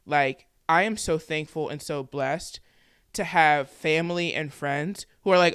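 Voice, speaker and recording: A woman's voice: low voice, unhurried, a bit bright, clean tone, no room sound, clean studio sound. A woman in her twenties telling her own story to the camera in a candid, conversational way, with plenty of "like" fillers. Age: 20s. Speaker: vlogger and podcaster.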